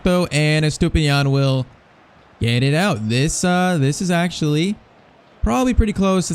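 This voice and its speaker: Young man, gameplay commentary, slightly high voice, excitable, nervous reactions. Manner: excitable, nervous reactions, spikes to shouts at chances. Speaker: gaming YouTuber.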